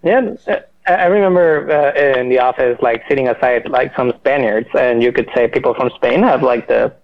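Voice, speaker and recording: Gravelly man. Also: medium pitch. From Mexico. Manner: halting, many fillers and restarts. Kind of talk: casual chat. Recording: muffled lo-fi audio.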